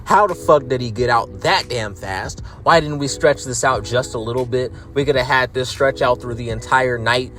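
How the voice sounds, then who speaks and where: A man's voice: mid-range voice, normal speed, hardly any pauses, fairly bright tone. A man giving a casual ranting recap of a show, sarcastic and profane, repeating words as he gets worked up. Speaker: wrestling commentary YouTuber.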